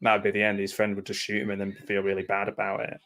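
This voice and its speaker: A man giving casual live commentary over a film, reacting aloud and often dropping into quiet mumbled asides. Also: lowish voice, completely flat delivery, fast.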